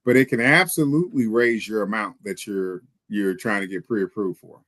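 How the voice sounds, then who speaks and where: A mortgage lender explaining pre-approvals in a confident, joking manner. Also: male voice, fairly low pitch, normal speed, fairly bright tone, no room sound. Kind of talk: casual explanatory talk.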